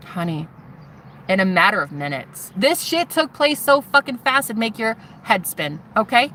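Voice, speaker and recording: A woman's voice: medium pitch, big pitch swings, moderate pace, a bit bright, a little hiss or hum. A woman vlogger telling an intense personal testimony, swearing and speaking straight to her viewers.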